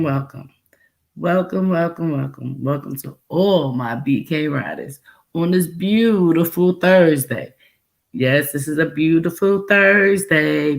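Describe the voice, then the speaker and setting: A woman with a deep, gravelly voice hosts a casual livestream, reacting to a video in an accent blending Texan and New York speech. She laughs often and repeats phrases again and again.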